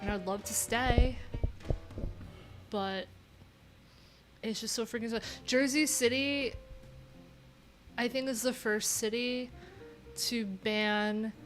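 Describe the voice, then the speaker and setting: A woman's voice: on the high side, fairly even intonation, slow, long pauses, faint music behind. A woman from New York with a nasal voice, chatting candidly and rambling on a casual livestream from a room at home.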